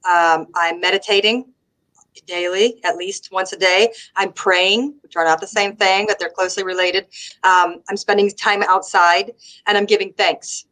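A middle-aged woman from the United States with a Southern American accent, telling lively stories as a guest and laughing often. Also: medium pitch, moderate pace, rough recording. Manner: animated storyteller, laughs often. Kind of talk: casual conversation on a live stream.

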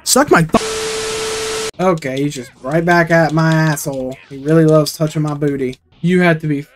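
A young man giving let's-play commentary, excitable and swearing often as he rants at the game he is playing. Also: a little high, brisk, a little hiss or hum. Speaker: gaming YouTuber. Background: faint game music.

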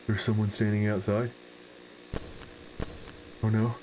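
A man commentating a horror game, reacting in a jumpy, loud way and swearing often as he plays. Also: fairly low pitch, monotone, slow, background noise. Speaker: gaming commentator.

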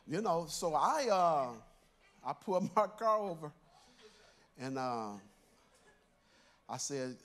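High-voiced older male church elder. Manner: conversational, storytelling, chuckles through lines. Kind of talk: sermon told as a personal story.

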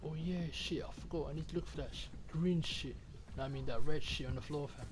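A young man giving slangy, excitable gameplay commentary and swearing often. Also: on the high side, brisk, noisy background. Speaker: gaming YouTuber.

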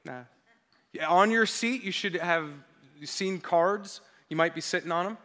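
A male pastor delivering an energetic sermon at a church service, building to emphatic preaching and leading the congregation in call-and-response. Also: high-pitched, unhurried.

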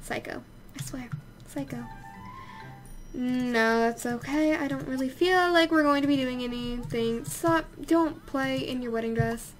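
A young woman hosts a let's play of a life-sim game, chatting casually in a high-pitched voice at a measured pace. She exclaims at the characters and scolds them, with soft music playing in the background.

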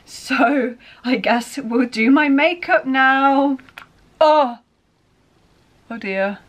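A young woman vlogging in a chatty, self-mocking way. Her voice sits a little high. She talks casually to camera. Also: drawn-out words, dry recording. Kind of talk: casual vlog narration.

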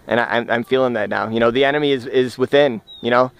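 A man recording a personal reflection vlog outdoors, speaking in an earnest, halting, searching way and often restarting his phrases. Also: mid-range voice, fairly even intonation, creaky, slight background noise. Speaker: vlogger. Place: outdoors, walking in the countryside.

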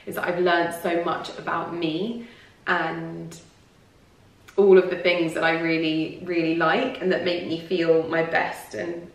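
A female lifestyle vlogger talks casually and confidingly to camera, rambling with plenty of restarts and fillers. Her lowish, gravelly voice is flat and measured, coming from far off the mic in a very echoey room.

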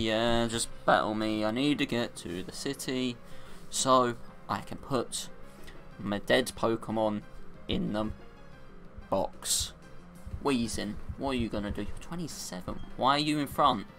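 A young man giving casual gameplay commentary, excitable and crying out in high-pitched dismay when things go wrong. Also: slow, faint music behind. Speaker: let's play gamer.

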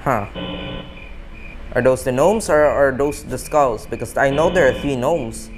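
A man hosting a gaming channel gives let's-play commentary. He is excitable and panicky, counts aloud, and keeps talking to his viewers. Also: medium pitch, a little slow. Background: game music.

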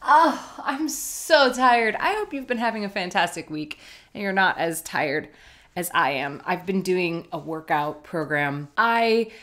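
A woman's voice: on the low side, expressive, unhurried, a bit bright. A woman vlogger and artist chatting casually from home, rambling and self-deprecating. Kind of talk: casual vlog chat. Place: home, indoors.

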